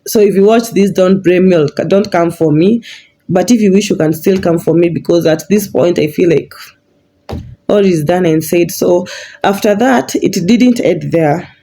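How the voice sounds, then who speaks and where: A woman, telling a personal story as a vlogger in a halting way, often restarting her words. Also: on the low side, dark tone, a little hiss or hum.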